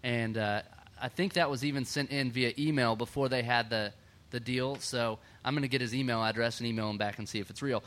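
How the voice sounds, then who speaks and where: A young man from Texas with a Texan accent, hosting a casual podcast chat, chatty and quick to laugh. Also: medium pitch, steady tone, a bit bright. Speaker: podcast host.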